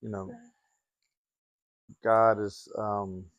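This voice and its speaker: A man co-hosting a podcast, speaking in a low-key, halting way with many fillers. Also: little pitch movement, no room sound, highs cut off. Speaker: podcast co-host, fighter. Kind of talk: casual chat.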